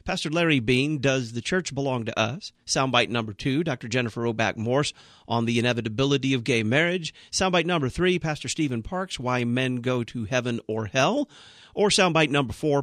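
A man hosting a live radio talk show, briskly reading out phone numbers, contest prizes and contact details. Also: mid-range voice, animated, a bit bright, dry recording, clean studio sound. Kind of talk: radio host announcements. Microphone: studio mic.

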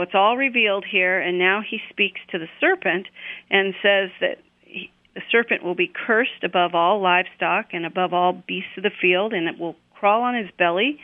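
A woman retelling a scripture passage in a relaxed, conversational way, pausing often with fillers and restarts. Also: medium pitch, dry recording. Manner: unhurried, with frequent fillers and restarts. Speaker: Bible teacher on a radio program. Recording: tinny phone-line radio sound.

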